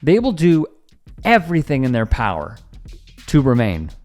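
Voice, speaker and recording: A man hosting a news commentary show, linking clips with measured narration. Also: medium pitch, huge pitch swings, darkish tone, soft background music. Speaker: host.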